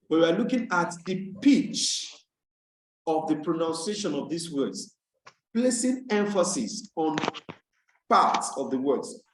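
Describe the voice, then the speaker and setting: A fairly high-voiced man with a Nigerian English accent teaches over a video call and repeats key words slowly so students can follow. His voice rings in an echoey room. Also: darkish tone. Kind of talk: online tutorial lecture. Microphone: computer mic on a video call.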